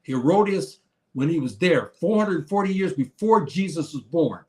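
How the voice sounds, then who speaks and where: A man's voice: on the high side, animated, a little mellow. A man lecturing on a live stream, reading and answering viewers' comments with frequent restarts and hesitations. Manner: halting, many restarts, reads and answers comments. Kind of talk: live-stream teaching and chat replies.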